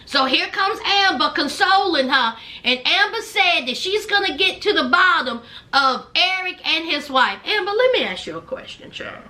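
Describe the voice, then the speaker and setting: A woman's voice: extremely high pitch, very animated, normal speed, few pauses, bright, forceful tone. A woman recapping a reality show in a sassy, gossipy vlog, calling viewers child and honey. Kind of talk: casual recap commentary.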